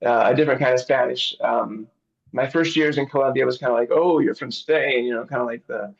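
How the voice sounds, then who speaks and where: Gravelly middle-aged man on a video call. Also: mid-range voice, fairly even intonation, quick pace, dull audio. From grew up abroad as a missionary kid. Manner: easygoing, chuckles often. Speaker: missionary director, guest. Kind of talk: casual interview over video call.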